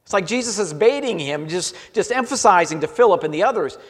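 A male pastor preaching a sermon in a church, in an earnest way, often letting his phrases trail off softly at the ends. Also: high-pitched, animated, brisk. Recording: long hall reverb.

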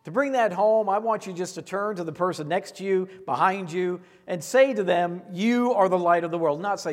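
Male pastor, high voice, earnest sermon cadence, recorded in a reverberant sanctuary. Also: normal speed, hardly any pauses. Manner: earnest, repetitive preaching cadence. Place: church sanctuary. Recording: long hall reverb.

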